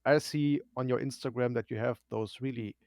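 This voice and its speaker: A man's voice: medium pitch, fairly even intonation, fairly quick, a little mellow, no echo. A man from Germany, a guest on a casual live stream, explaining things at length with dry humor.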